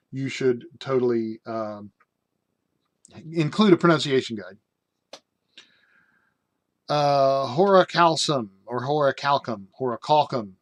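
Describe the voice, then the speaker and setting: A man reviews a tabletop game sourcebook in a loose, casual way. He reads passages aloud, then drifts into jokey, rambling asides. His pitch sits in an ordinary male middle range, and he fills his pauses with ums and uhs. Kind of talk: casual review reading from a rulebook.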